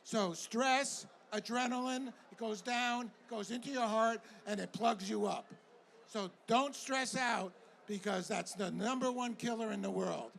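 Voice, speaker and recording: A man hosting a live outdoor event, stressing key points slowly and emphatically. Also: high voice, creaky, a bit bright, slight background noise. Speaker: event host. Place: outdoor event in a city square.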